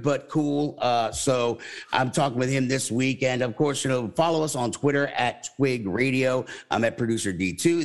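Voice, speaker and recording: A man co-hosting a casual sports radio show, talking in a playful, animated way. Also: mid-range voice. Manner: animated, playful, slips into mock old-time announcer voices. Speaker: radio co-host.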